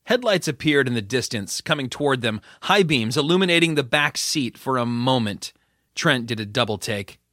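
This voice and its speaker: The speaker is a male audiobook narrator whose mid-range voice reads a scripted story calmly and evenly. The sound is clean studio audio without any echo.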